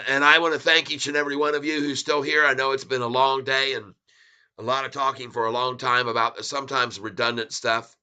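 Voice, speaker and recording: Very bright-voiced rambling livestream man. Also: mid-range voice, steady tone, brisk, smooth. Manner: rambling, chatty, thanks viewers by name; tries broken French and Spanish. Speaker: stock market livestream host. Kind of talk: casual livestream chat.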